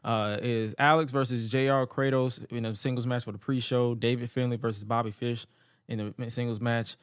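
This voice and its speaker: A man's voice: mid-range voice, flat delivery, moderate pace, clear, resonant tone, no echo, studio quality. Casual man rambling about wrestling. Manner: loose, rambling, stumbles over names. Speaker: podcast co-host.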